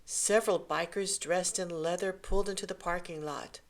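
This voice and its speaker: A woman reading a short story aloud in a gentle, measured way. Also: fairly low pitch, fairly even intonation. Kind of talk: scripted story narration.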